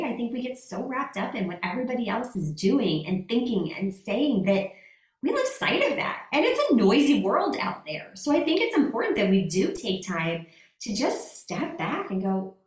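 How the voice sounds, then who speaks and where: A woman host talks in an upbeat, emphatic way, her voice high and bouncing with expression. She is recorded in an echoey room, heard from some distance off the mic. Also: sing-song, normal speed. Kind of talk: motivational conversation. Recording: roomy echo, voice set back from the mic.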